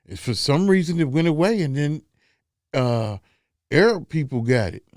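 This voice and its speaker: A man's voice: fairly high pitch, very animated, moderate pace, darkish tone, no echo, clean studio sound. A man hosting a casual podcast, laid-back and slangy, joking his way through a technical hitch. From Cincinnati. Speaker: podcast host.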